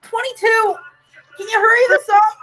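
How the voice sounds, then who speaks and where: A woman's voice: very high-pitched, fairly even intonation, normal speed, a bit bright, dry recording, faint music behind, pitched above the performer's own voice, low-quality recording. A woman voicing a naive, impatient young male college student in a told joke. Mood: eager.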